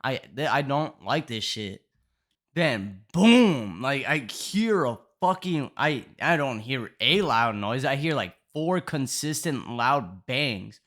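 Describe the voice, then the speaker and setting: A man's voice: mid-range voice, animated, slow, hardly any pauses, sharp tone. A young man telling a storytime in casual, profane slang, rambling with constant fillers.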